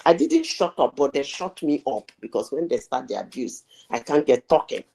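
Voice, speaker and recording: Emphatic gravelly woman host. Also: very deep voice, huge pitch swings, moderate pace, mellow, poor audio. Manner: emphatic, rhetorical questions. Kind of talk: live talk show discussion.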